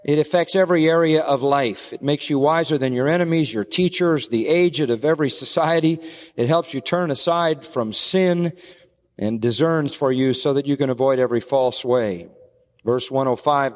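A man preaching a sermon in a measured, deliberate way, slowing down for emphatic phrases and reading scripture aloud. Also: medium pitch. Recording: long hall reverb.

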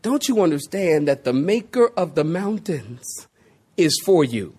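A man preaching a sermon as pastor, addressing listeners as saints, drawing out key words with dramatic pauses and speeding up through long lists. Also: fairly high pitch, big pitch swings, darkish tone, slightly rough. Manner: acts out quoted exclamations with rising energy.

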